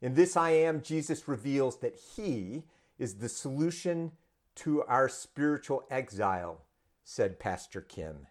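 A man's voice: mid-range voice, big pitch swings, a little slow. A man preaching a sermon run as a quiz game for an online congregation, conversational with frequent fillers and restarts. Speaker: pastor. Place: church congregation in Vancouver.

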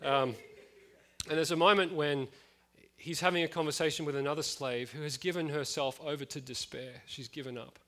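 Late-thirties male preacher, relaxed conversational delivery, pitched a bit high. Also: moderate pace. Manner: casual, chatty, with frequent fillers and asides. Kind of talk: conversational sermon.

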